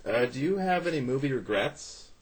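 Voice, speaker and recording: A man's voice: mid-range voice, expressive, moderate pace, slightly rough. A man interviewing a guest with brief, casual questions. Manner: brief questions and short reactions.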